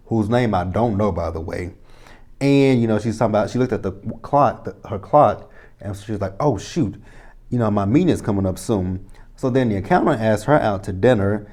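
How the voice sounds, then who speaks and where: A man's voice: on the low side, warm tone. Profane, rambling man recapping a TV episode. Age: 30s. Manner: rambling, profane, exasperated asides. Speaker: TV episode reviewer. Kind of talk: casual recap and commentary.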